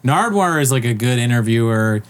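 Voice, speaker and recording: A man hosting a podcast in a loose, casual chat. He is joking and swears freely, and his voice sits at a mid pitch that is neither deep nor high. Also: expressive, fairly quick, clean tone. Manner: joking, profane, slips into mocking impressions. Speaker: podcast host.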